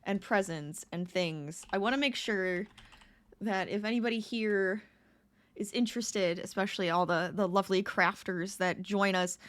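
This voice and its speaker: A woman's voice: mid-range voice, moderate pace. A woman crafting live on stream, chatting casually with her viewers, greeting them and laughing often. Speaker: crafting livestreamer.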